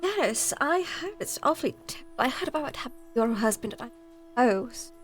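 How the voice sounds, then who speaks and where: A woman's voice: high voice, expressive, moderate pace, faint music behind. A woman playing a tabletop role-playing game, playfully speaking in and out of character as a wealthy mother. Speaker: player.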